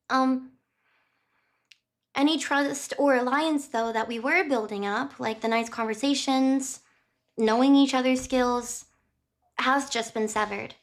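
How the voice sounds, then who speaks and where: A woman's voice: high voice, steady tone, a little slow, pauses often. A woman streamer casually retelling a novel chapter, rambling with lots of fillers, giggling and apologizing. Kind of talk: casual chatty book retelling.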